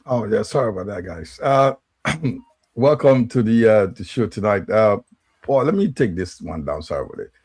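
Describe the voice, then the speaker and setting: Casting: low, husky Liberian male talk host, hesitant and full of fillers. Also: lively intonation, a little mellow, no room sound. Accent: Liberian English. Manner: halting, many fillers and restarts. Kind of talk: casual talk show chat.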